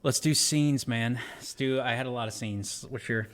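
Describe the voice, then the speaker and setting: A man's voice: medium pitch, normal speed. A man co-hosting a casual movie review podcast, talking about a film with enthusiasm. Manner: enthusiastic, lively, generalizing with hedges. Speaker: podcast co-host.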